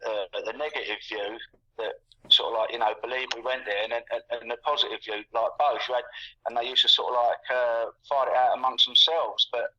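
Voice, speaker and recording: An older English man chats at length as a guest, circling back, doubling words and leaning on fillers. His tone is sharp and bright. The call audio is dull and lo-fi. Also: mid-range voice, fairly even intonation, a little fast. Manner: rambling, repeats words, many fillers. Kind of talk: casual conversation.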